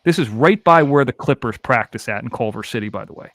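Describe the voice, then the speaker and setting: A man's voice: medium pitch, lively intonation, fast, a bit bright, no room sound, clean studio sound. A man in his thirties from the Los Angeles area, telling a story in a casual podcast chat, swearing freely and acting out both sides of phone calls. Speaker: podcast host.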